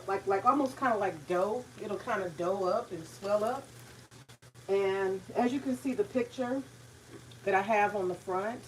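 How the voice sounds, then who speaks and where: A chatty woman talking through her cooking in a home kitchen, wandering from point to point and stopping to hunt for words. She sits a little back from the mic, and a soft sizzle of frying runs underneath. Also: medium pitch, far from the mic, slight background noise, rough recording. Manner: chatty, rambling, searches for words. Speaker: home cook vlogger. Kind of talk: casual cooking vlog.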